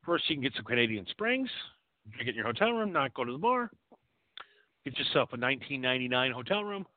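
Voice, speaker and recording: A man's voice: mid-range voice, fairly quick, no room sound, narrow, tinny audio. A man hosting a call-in show, talking crudely and rambling. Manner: profane, rambling and animated. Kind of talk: crude casual call-in talk.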